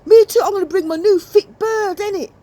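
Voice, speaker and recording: A woman voicing a cocky young man shouting slang into a bad phone line. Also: very high-pitched, a little fast, voice pushed up. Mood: brash. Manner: loud, slangy.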